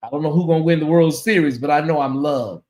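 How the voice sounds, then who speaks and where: Man, high voice, sleepy livestream host, chatty and emotional with viewers. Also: quick pace, a little mellow. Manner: chatty, emotional, thanking donors by name. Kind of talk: casual livestream chat.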